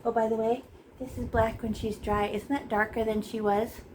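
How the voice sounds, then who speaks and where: A woman's voice: fairly high pitch, little pitch movement, moderate pace, background noise. A woman teaching a casual painting lesson, playful and chatty, tossing in silly sound effects as she works in a small art room.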